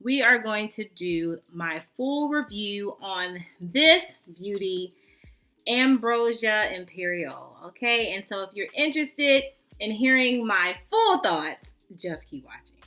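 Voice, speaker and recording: A woman's voice: medium pitch, slow pace, faint music behind. A woman, hosting a casual, chatty perfume review and greeting viewers as family. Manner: animated, playful, talks to viewers as family. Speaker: fragrance reviewer, channel host.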